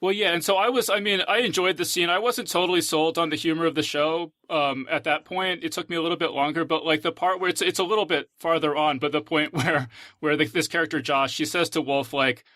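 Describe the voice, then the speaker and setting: A male podcast host in casual chat, summing up a plot at length in a relaxed, easy way. His voice is bright and forward, and the sound is close and dry. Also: on the high side, a little fast, no room sound.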